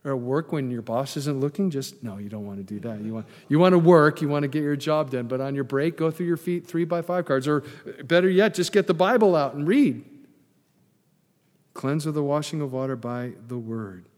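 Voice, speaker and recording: A man's voice: a little high, brisk, darkish tone. A male pastor delivering a conversational sermon with joking asides to his congregation. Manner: conversational preaching with asides and humor. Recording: long reverb in a large hall.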